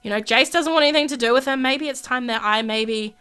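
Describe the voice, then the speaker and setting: Excitable high-voiced young woman gamer. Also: fairly quick, clean tone. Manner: dramatic, gasping, repeats herself, acts out characters' quarrels. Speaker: gaming video host. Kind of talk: excited let's-play commentary.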